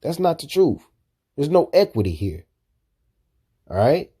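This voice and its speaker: A man's voice: a little high, very animated, unhurried, dark tone, husky. Preachy man ending lines with "man". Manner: repetitive, ends phrases with "man". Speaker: commentator reacting to video. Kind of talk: preaching commentary.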